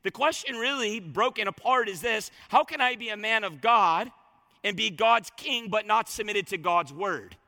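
A man's voice: sits high, normal speed, sharp tone, long reverb tail. A man preaching a sermon as a pastor, fervent and colloquial, repeating lines for emphasis.

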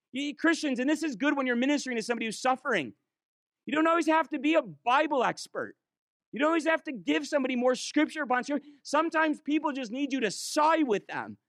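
A man preaching a sermon in church, impassioned, swinging between quick urging runs and slow, drawn-out emphasis. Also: very high voice, fairly bright tone, no echo, clean studio sound.

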